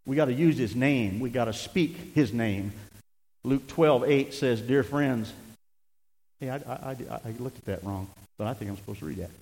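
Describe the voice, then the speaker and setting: An older man preaching a sermon as pastor, swinging between emphatic shouting and hushed, conversational asides. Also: mid-range voice, moderate pace, gravelly, in a large hall, rough recording.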